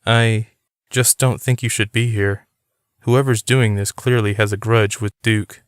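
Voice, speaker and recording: Dude reading as sarcastic young guy, dry and blunt, slow delivery. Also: on the low side, steady tone, clear, resonant tone, no room sound, lightly acted. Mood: serious.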